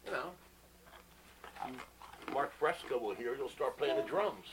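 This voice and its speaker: Man, radio host, slow drawling delivery, bouncy pitch, noisy room. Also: animated. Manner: joking, playful, jumps between silly bits. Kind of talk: casual late-night radio banter.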